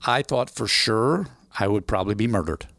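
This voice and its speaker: A man in his forties from the American Midwest, telling stories in an interview, animated and acting out voices in the quotes. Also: lowish voice, moderate pace, no echo. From Illinois, USA. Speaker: guest. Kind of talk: storytelling interview.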